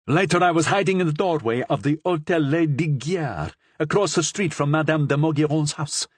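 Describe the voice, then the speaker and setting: A man's voice: a little high, moderate pace, dry recording, pitched above the performer's own voice, natural voice. A man voicing a jealous, hot-headed young marquis who talks in an agitated, indignant way. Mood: insistent.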